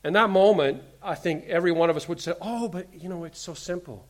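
In a church, a male pastor with a high-sitting voice preaches fairly quickly. He tells a story and earnestly pleads with his listeners, building up to forceful emphasis.

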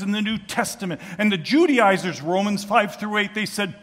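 A man preaching a sermon as a story, moving from hushed tones to shouting. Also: high voice, moderate pace, few pauses, big-room sound. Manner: dramatic, swings from hushed to shouting.

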